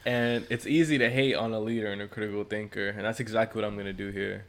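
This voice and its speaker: A man co-hosting a podcast in casual chat, slangy and quick to laugh. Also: fairly low pitch. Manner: laughing, slangy, animated banter. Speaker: podcast co-host.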